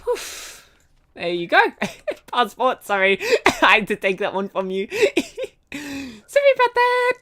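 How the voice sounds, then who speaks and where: Giggly young woman streamer, lively pitch. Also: takes it slowly. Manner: giggly, talks to chat. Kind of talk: live gameplay commentary. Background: soft background music.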